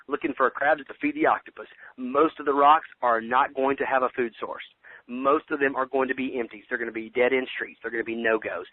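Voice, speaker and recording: A man giving an energetic motivational sales training on a call, often acting out sample pitches. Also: no echo. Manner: energetic, preachy, acts out sample phone pitches. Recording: tinny phone line.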